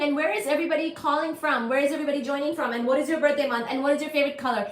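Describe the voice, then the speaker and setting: A woman hosting a casual livestream, talking in an animated, playful way, greeting viewers in quick repeated bursts and reading out their comments. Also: high-pitched, reverberant. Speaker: livestream host.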